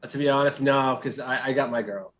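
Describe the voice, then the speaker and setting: A man's voice: medium pitch, a little fast, fairly bright tone. A man chiming in as a co-host with teasing, offhand quips. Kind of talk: casual podcast banter.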